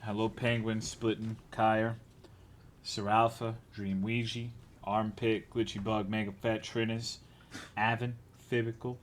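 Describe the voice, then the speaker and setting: A man's voice: lowish voice, level tone, unhurried, a little hiss or hum. A man streaming, casually greeting his chat, a bit tipsy and tired, joking and swearing as he teases viewers.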